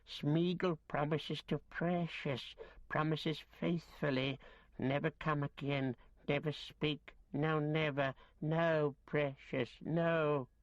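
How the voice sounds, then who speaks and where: A man's voice: a little high, fairly even intonation, slow pace, no room sound, pitched above the performer's own voice. A man reading aloud and voicing Gollum, a wretched, starving, fearful male creature who whines and whimpers. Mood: whining. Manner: whining, whimpering. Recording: dull lo-fi recording.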